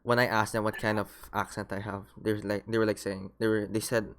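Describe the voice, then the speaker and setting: Low-voiced young Filipino man telling stories. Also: fairly quick. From Philippines. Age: young adult. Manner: animated storyteller, mixes Tagalog words. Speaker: podcast co-host. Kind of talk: casual chat.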